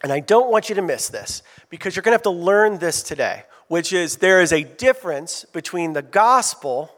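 A man preaching a sermon as pastor, animated, drawing call-out answers from the congregation. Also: high voice. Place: church sanctuary. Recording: long reverb of a church hall.

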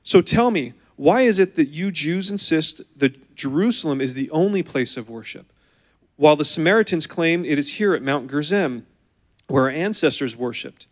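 A man reading the lines of a wary, questioning Samaritan woman with his voice pushed up higher. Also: lively intonation, moderate pace.

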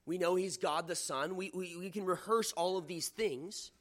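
A man's voice: sits high, normal speed, a bit bright. A man preaching a sermon, reading scripture aloud with dramatic emphasis and asking the listeners questions in a conversational way.

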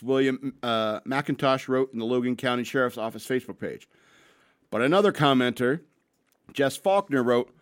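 A man's voice: medium pitch, normal speed. A man hosting a show, ranting bluntly with crude language and reading news stories, a bit tipsy after some beers. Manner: blunt, crude, rambling with restarts. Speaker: podcast host.

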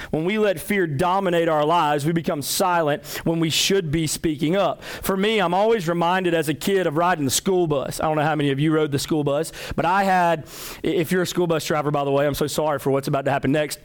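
Male pastor, midweek sermon, animated storyteller who acts out quotes, sits a bit high in pitch. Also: normal speed.

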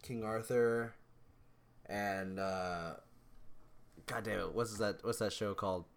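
A man co-hosting a podcast in casual chat, relaxed and often pausing to hunt for words. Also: fairly low pitch, gravelly. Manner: relaxed, halting, searching for words. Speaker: podcast co-host.

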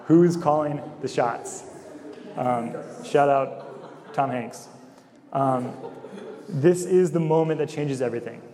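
A man's voice: medium pitch, mellow. A man giving a casual, conversational sermon to college students, full of fillers and questions to the crowd. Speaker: campus minister. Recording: long hall reverb.

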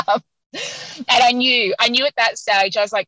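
A woman guest on an interview podcast, telling a story in an animated, casual way and laughing often. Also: fairly high pitch, normal speed, long pauses, dry recording, rough recording.

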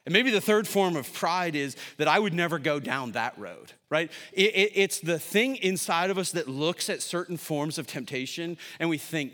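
Animated pastor preaching in a reverberant hall. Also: male voice, on the high side, moderate pace, few pauses. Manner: animated and conversational, jokey asides, constant "right?" tags. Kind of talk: sermon. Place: large church hall.

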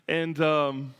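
A man's voice: a little high, fairly bright tone, clear, resonant tone. A man preaching a conversational sermon as pastor, with plenty of fillers and restarts. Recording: long hall reverb.

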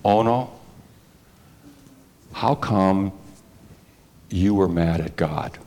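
Slow, deliberate male preacher. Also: deep voice, darkish tone, a little hiss or hum. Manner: deliberate, rhetorical questions to the congregation, repeats words. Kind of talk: sermon.

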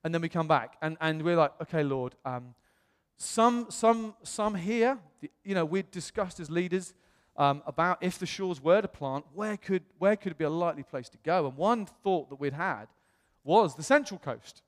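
A British man, a pastor, telling a lively personal story in a sermon and acting out the other people's lines. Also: on the high side, moderate pace, hardly any pauses. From England. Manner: animated, acts out quoted voices. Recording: long reverb of a large hall.

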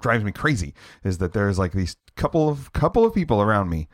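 A man's voice: fairly low pitch, sing-song, brisk, no echo, studio quality. A man co-hosting a gaming podcast, chatting casually and trailing off with fillers like "anyway". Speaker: podcast co-host. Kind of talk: casual chat.

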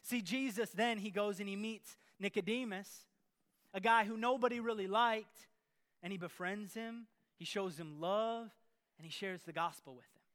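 A man preaching a sermon in an energetic, playful way, with sarcastic asides. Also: high-pitched, normal speed.

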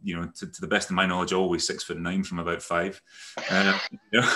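A middle-aged man, a company head and podcast guest, recounting his school and university years in a thoughtful, halting way full of restarts. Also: low voice, level tone, bright, forceful tone. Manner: thoughtful, halting, many restarts and "you know"s. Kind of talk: reflective conversational storytelling.

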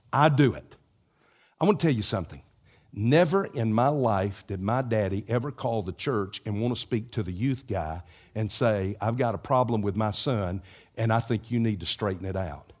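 An older man preaching a sermon to his congregation, with an earnest, repetitive cadence and folksy asides. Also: mid-range voice. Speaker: pastor.

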